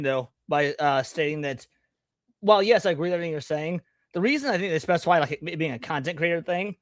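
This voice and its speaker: A man hosting a casual podcast chat, rambling and emphatic, getting loud when worked up. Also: a little high, no room sound, studio quality.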